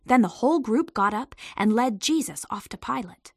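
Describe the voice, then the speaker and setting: A woman reading a storybook aloud in an expressive, lively way. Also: on the high side, moderate pace, slightly rough, no echo, studio quality.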